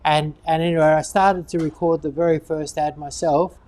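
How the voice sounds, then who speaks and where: A woman talks through gardening advice in an easygoing, rambling way, circling back and repeating herself as she goes. Her voice sits on the low side, with a soft, mellow tone. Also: fairly even intonation, normal speed. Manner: rambling, repeats words while thinking. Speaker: gardening expert. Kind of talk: casual Q&A chat.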